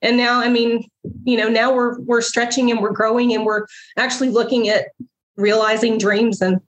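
A middle-aged woman with a fairly high voice tells her story as an interview guest. She rambles, restarts and grows emotional as she talks. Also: little pitch movement, normal speed, poor audio. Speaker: guest, bakery owner.

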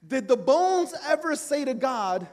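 High-voiced impassioned preacher man. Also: very animated, a little slow. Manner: impassioned, repetitive calls to the congregation. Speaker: pastor. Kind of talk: sermon. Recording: long hall reverb.

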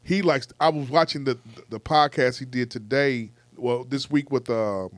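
A man's voice: medium pitch, normal speed, dry recording. A man hosting a casual podcast, blunt and opinionated, swearing freely as he talks. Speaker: podcast host.

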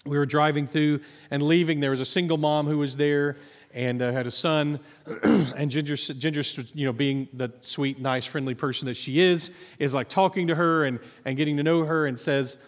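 A man's voice: on the high side, steady tone, moderate pace. Chatty man telling stories in an echoey hall. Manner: conversational, self-deprecating storytelling with many fillers. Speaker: minister and psychologist. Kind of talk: sermon testimony.

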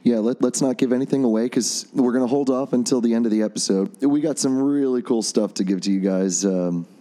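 A man's voice: mid-range voice, a little fast, warm tone. A man co-hosting a casual podcast, easygoing and wry, agreeing often and teasing his partner. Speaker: podcast co-host. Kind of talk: casual chat.

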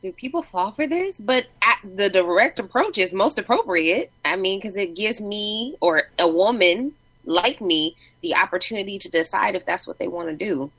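A woman's voice: mid-range voice, moderate pace, no echo, rough recording. A woman in casual chat, telling funny family stories and acting out quotes with lots of laughter. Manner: animated storyteller, acts out quotes, laughs often.

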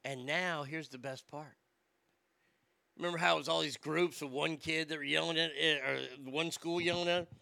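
Man, blunt profane rant, sarcastic, slightly high voice, sharp bright tone. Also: fairly even intonation, moderate pace, vocal fry, no room sound. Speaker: commentator. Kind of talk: opinion rant.

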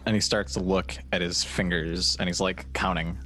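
Brief: game master, deep gravelly man, unhurried narration, faint music underneath. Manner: relaxed, filler-laden description.

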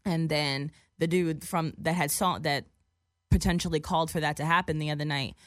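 A young woman casually telling a story in a profane, animated way, acting out other people's lines as she goes. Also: low-pitched, moderate pace, no echo, clean studio sound.

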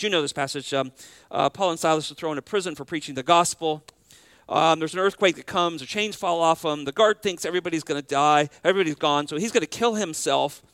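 A man preaching a sermon as pastor, slowing down to stress key phrases and repeating words as he restarts. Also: fairly high pitch, fairly bright tone, dry recording.

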